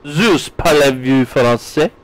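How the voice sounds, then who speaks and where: American male game streamer, 30s, mid-pitched, chatty and joking, dry close mic. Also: slow pace, no echo, low-quality recording. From United States. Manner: chatty, reads chat aloud with playful jokes. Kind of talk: live-stream chat.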